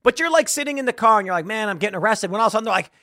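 Animated man hosting a commentary show. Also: very high voice, racing, dry recording, clean studio sound. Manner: animated, laughing, acts out quoted lines. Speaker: host. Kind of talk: casual commentary on a video.

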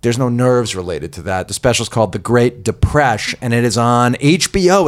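A man with a Boston accent hosting a podcast in casual, animated interview chat, joking and affectionate with his guest. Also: mid-range voice, moderate pace. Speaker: podcast host.

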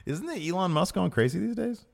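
A man co-hosting a podcast, chatting casually about wrestling in an animated, rambling way. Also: gravelly. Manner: animated, rambling, quick swings in pitch. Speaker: podcast co-host.

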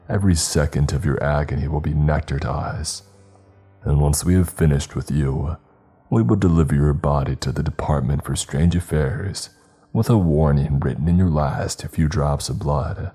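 A man voicing a cruel, vengeful male vampire leader in a slow, cold, menacing way. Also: a bass voice, warm tone, husky.

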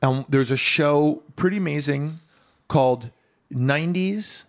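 A man hosts a relaxed podcast and tells stories with frequent laughter. His voice sits a little high for a man. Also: unhurried. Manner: storytelling, laughing, acts out his kids' voices. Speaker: podcast host. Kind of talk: casual podcast chat.

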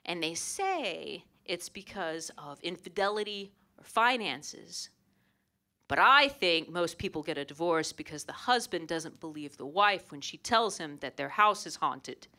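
A woman's voice: lowish voice, animated, a little slow, bright, forceful tone. A pregnant woman comedian doing a sarcastic, playfully petty stand-up set on stage before a live audience. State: heavily pregnant. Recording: live crowd laughter and room noise.

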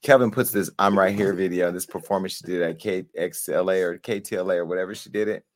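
A man hosting a call-in talk show, joking and animated as he chats and laughs often. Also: deep voice, fast. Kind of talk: casual chat.

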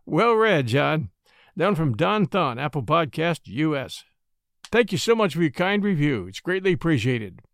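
A man's voice: a little high, very animated, normal speed, no echo, studio quality. A man narrating a classic short story aloud and hosting a story podcast, reading dramatically. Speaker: audiobook narrator and podcast host.

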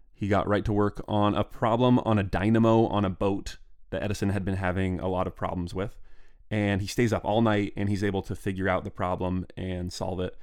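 A man's voice: on the low side, a little mellow. A man hosting a podcast, telling history in a loose, digressive, stream-of-consciousness way. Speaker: podcast host. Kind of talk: casual solo history narration.

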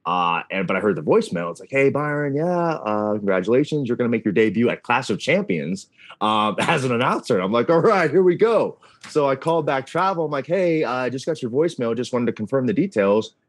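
A man in his thirties speaking at an ordinary mid pitch, chatting as an interview guest. He tells his stories with energy and slips into quoted dialogue as he goes. The delivery is casual and conversational. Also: brisk, dry recording. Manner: animated storyteller, acts out dialogue. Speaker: wrestling announcer, guest.

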